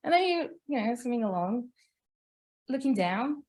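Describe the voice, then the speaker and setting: A woman giving a conference talk, chatty and animated, laughing often. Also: fairly high pitch, moderate pace. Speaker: conference presenter.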